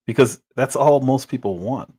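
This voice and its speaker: A man hosts a livestream and reacts to a debate clip with exasperated, mocking commentary. His voice sits at an ordinary mid pitch. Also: moderate pace, dark tone, slightly rough. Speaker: livestream host.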